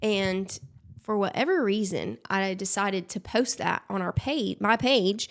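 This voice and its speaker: A young woman from Alabama with a Southern accent, telling stories as a podcast guest in an animated, giggly way, often acting out quotes. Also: medium pitch, measured pace, vocal fry. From Alabama, USA. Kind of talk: casual storytelling chat.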